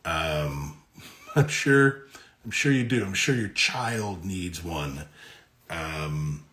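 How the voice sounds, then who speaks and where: A middle-aged man with a New York accent chats casually on a live stream, reading fan comments aloud and answering each one warmly. His voice sits low, and his pitch rises and falls a lot. The sound is roomy, with a noticeable echo. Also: animated, extremely slow. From Connecticut. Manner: chatty, friendly, reads comments aloud and answers them. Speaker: actor at a live autograph stream.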